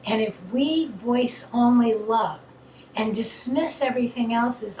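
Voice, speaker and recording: A woman co-leading an online spiritual session, speaking softly and tenderly in drawn-out phrases. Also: on the high side, echoey room, slight background noise, poor audio. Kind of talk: slow, gentle spiritual teaching.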